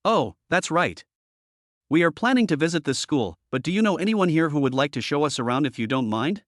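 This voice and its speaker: A man's voice: fairly high pitch, sing-song, a little fast, dry recording, studio quality. A man voicing a tattooed bald thug who is fake-friendly and menacing in an audio novel. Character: tattooed bald male thug, pushy and threatening.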